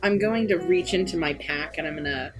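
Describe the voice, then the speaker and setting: A woman's voice: on the low side, fairly quick, over music, low-quality recording. A woman playing a tabletop game, playfully describing what her character does. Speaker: player.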